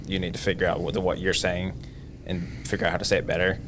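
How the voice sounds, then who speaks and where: A gym owner and trainer talks fast in a low voice as a guest on a casual podcast. He's blunt and emphatic, speaking from experience, and there's noticeable background noise in the recording.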